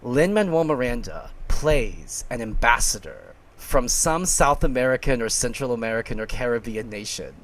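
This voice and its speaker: A man co-hosting a podcast in casual chat, excitable and rambling, often breaking into laughter. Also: medium pitch, normal speed, hardly any pauses. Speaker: podcast co-host.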